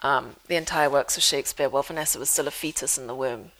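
A woman's voice: a bass voice, fast, low-quality recording. A woman author reading from her memoir and telling stories with dry humor. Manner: lively storyteller, dry humor.

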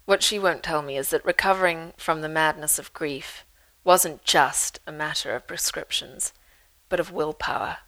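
Brief: author reading her own memoir, lower-pitched woman, lively storyteller. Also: normal speed, rough recording. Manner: lively storyteller, dry humor.

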